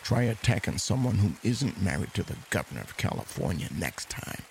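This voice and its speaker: A man's voice: low-pitched, big pitch swings, fairly quick, creaky, a little mellow, a little hiss or hum, exaggerated voice. A man doing a sly casino pit boss. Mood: warning. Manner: murmured, confidential.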